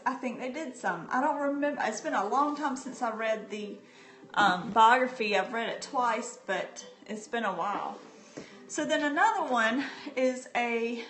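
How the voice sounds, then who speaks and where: A woman's voice: a little high, a bit bright. A middle-aged woman hosting a casual live stream about books, talking in a chatty, heartfelt way with frequent ums. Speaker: livestream host sharing books. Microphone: phone. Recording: echoey room, phone mic.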